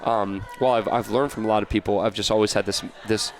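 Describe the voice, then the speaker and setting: A man's voice: fairly low pitch, steady tone, fast. A man from the United States, a podcast guest, talking in a casual, rambling way with many fillers and restarts. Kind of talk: casual interview chat.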